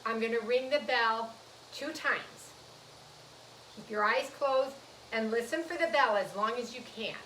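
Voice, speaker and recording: A woman teaching a yoga class to young children, gentle and playful, coaxing them through poses. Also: fairly high pitch, unhurried, a little hiss or hum. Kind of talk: guided kids' yoga lesson. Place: room in a nursery school. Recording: echoey room, mic at a distance.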